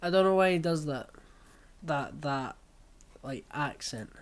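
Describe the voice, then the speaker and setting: A young man talking through a music reaction video. He drops quick, blunt verdicts and scores each track in short, offhand bursts, casual and unpolished. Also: fairly high pitch, lively intonation.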